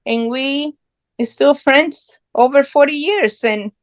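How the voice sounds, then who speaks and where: A middle-aged Guatemalan woman speaks slowly in a high-sitting voice, relating her story in English on a podcast in an easygoing, conversational way. Her tone is earnest and proud, her phrasing non-native, and the recording dry.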